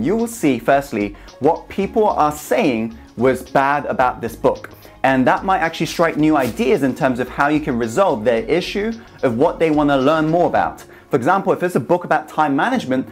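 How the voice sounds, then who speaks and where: A man giving an earnest, emphatic motivational talk straight to camera, speaking to the viewer as one person. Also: fairly high pitch. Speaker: motivational YouTube host. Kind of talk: direct-to-camera coaching talk.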